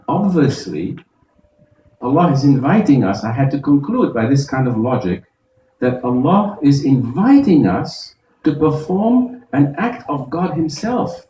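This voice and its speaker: Man preaching, lively rising and falling voice, roomy mosque echo, heard from a distance. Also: fairly high pitch, a little hiss or hum. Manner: explains verses step by step, recites Arabic quickly. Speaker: imam. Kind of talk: Friday sermon. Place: mosque prayer hall.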